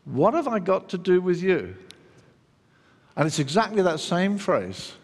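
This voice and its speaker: A man with a fairly high voice preaches a sermon, his words ringing with a long reverb as if in a church hall. He talks in an animated way, acting out the lines he quotes and restarting his sentences as he goes. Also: measured pace.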